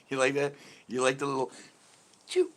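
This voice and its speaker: A man's voice: medium pitch, monotone, moderate pace, a bit bright. A man hosting a casual live stream, telling rambling stories, laughing often and reacting to viewer comments. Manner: rambling storyteller who laughs often and reads viewer chat aloud. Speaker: fishing channel host.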